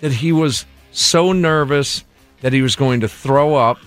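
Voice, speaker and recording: A man's voice: mid-range voice, unhurried, clear, resonant tone, soft background music. A man co-hosting sports talk radio, rambling and conversational. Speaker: radio co-host.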